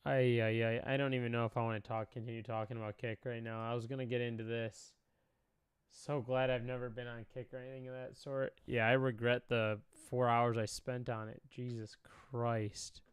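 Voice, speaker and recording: A man's voice: medium pitch, level tone, moderate pace, smooth, no echo. A young man doing casual reaction commentary, talking emotionally, often sighing, swearing and trailing off. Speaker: commentary streamer.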